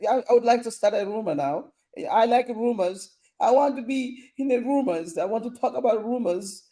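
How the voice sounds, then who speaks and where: A man's voice: extremely high pitch, moderate pace, mellow. A young man hosting a casual live stream, reading viewer comments in a playful, teasing way and laughing often.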